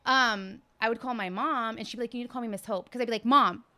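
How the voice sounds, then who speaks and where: A woman's voice: a little high, fast, sharp tone. A young woman, a podcast guest and hospital worker, telling crude, joking stories in casual chat. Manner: joking, self-described vulgar storyteller.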